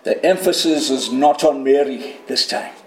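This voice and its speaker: A man's voice: medium pitch, normal speed, echoey room, a little hiss or hum, poor audio. A man preaching a sermon, emphatic and addressing his listeners as friends.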